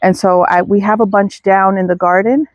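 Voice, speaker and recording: A woman's voice: mid-range voice, fairly even intonation, moderate pace, no echo, highs cut off. A woman gives a casual outdoor garden tour, chatting to viewers and talking to her plants. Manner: chatty, self-deprecating, talks to viewers and plants. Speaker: garden vlogger.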